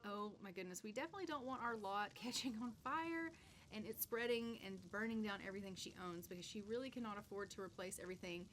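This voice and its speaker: A chatty woman narrating her life-sim game as a channel host. She talks at an ordinary middle pitch and gets excitable, laughing often as she goes. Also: fast talker, a little hiss or hum. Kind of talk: let's play narration.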